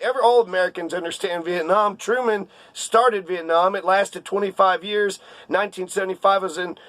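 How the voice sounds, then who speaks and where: A man's voice: high-pitched, fairly bright tone, no room sound. A man ranting in casual political commentary, heated and sarcastic, on a close dry mic.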